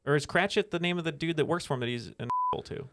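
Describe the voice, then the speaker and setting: A man with a New Jersey accent, a contestant on a trivia podcast, chatty and excitable in casual banter. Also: a little high, rapid-fire. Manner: chatty, excitable, rambling with fillers. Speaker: quiz contestant.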